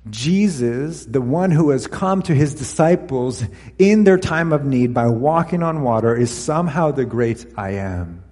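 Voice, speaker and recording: A man's voice: on the high side, dark tone, big-room sound. A man preaching a sermon, walking through scripture passages and reading verses aloud, sometimes correcting his own slips. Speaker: pastor.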